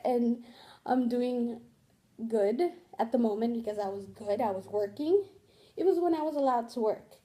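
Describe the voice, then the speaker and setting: A woman's voice: fairly high pitch, normal speed, warm tone. A young woman vlogging casually, rambling candidly with many fillers and some swearing.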